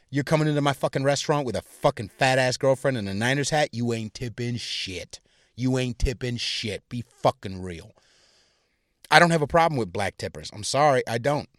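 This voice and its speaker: A young adult man hosts a podcast and launches into a crude, profane, heated solo rant played for comedy. His voice is medium-pitched, and the recording is dry with studio quality.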